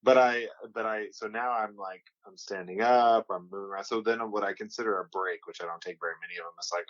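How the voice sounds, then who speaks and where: A man's voice: deep voice, fairly even intonation, quick pace, hardly any pauses, no room sound, lo-fi sound. A man hosting a podcast in casual chat, rambling with lots of "like" and "uh". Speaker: podcast host.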